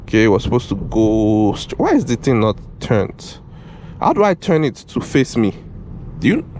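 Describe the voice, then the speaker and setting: Excitable man filming while driving. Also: mid-range voice, moderate pace, a little hiss or hum. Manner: excitable, talks to the car, repeats himself. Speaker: car reviewer. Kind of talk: casual driving commentary. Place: inside a moving car.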